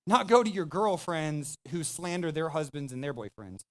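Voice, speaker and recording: A man's voice: fairly high pitch, fairly quick. A man pastor preaching a sermon, speaking emphatically and conversationally, addressing the congregation directly.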